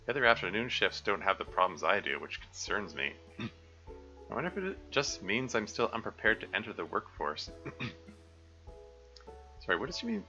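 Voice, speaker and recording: A man streaming a visual novel live, reading and rambling in a hesitant way with lots of throat-clearing. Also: on the low side, sing-song, normal speed, pauses often, pushed and bright. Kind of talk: live let's play with commentary. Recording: slightly dull lo-fi audio. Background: faint guitar music.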